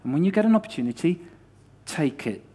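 A man preaching a sermon as pastor, animated and repetitive, acting out short dialogues. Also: on the high side, fairly quick, slightly rough.

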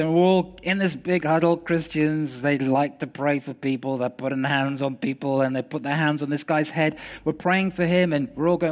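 A man with a notably high voice delivers a sermon as a personal story. He talks in a casual, animated way, tripping over words now and then as he tells it. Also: normal speed. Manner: animated, conversational storytelling with restarts. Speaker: preacher.

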